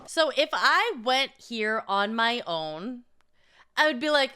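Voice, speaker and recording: A young woman vlogger telling stories in casual chat, profane and animated, often laughing and acting out quotes. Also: on the high side, slow, smooth.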